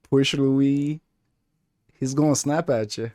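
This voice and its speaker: A man's voice: on the low side, fairly even intonation, slow, a little mellow, no room sound, studio quality. A man giving casual reaction commentary on a TV show, rambling in a laid-back way with many filler words. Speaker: reaction video host.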